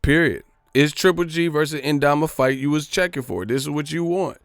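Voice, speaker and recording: A man's voice: fairly high pitch, fairly quick, no echo, clean studio sound. A man hosting a boxing live stream, ranting in a profane, mocking, repetitive way.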